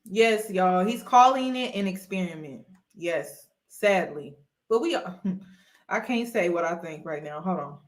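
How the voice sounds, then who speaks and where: A woman's voice: lowish voice, expressive, unhurried, echoey room. A woman vlogger giving casual, emphatic commentary to her viewers, repeating her points.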